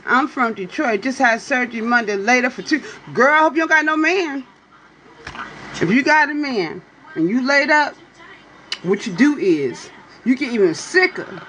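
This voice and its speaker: A woman reads for viewers on a casual livestream, speaking straight to them in a playful, teasing manner and frequently asking "you hear me?" Her tone is fairly bright, she drawls and swoops into high exclamations, and there's a little hiss or hum.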